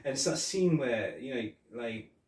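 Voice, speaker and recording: A man's voice: medium pitch, lively intonation, unhurried, a little mellow, slight background noise. A man hosting a podcast, chatting casually about a film, rambling and retelling scenes with laughs. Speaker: podcast host. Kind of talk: casual film review chat. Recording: roomy echo, mic at a distance.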